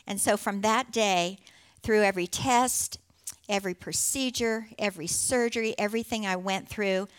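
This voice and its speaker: A middle-aged woman giving an earnest, heartfelt personal testimony to a church congregation, with soft laughter along the way. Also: medium pitch. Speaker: church speaker sharing testimony.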